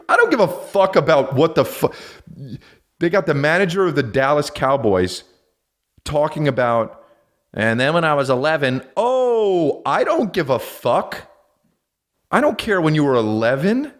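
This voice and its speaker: Profane ranting comedian man, lively pitch. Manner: profane, exasperated ranting with mock voices. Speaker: podcast host. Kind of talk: comedic rant.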